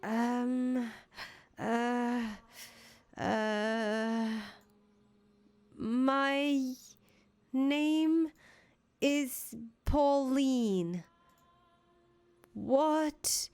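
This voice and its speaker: A woman's voice: fairly high pitch, darkish tone, smooth, no echo. A woman voicing a flustered, friendly young traveler. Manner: chatty, easily flustered, stammers when nervous. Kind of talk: fan voice acting of a visual novel.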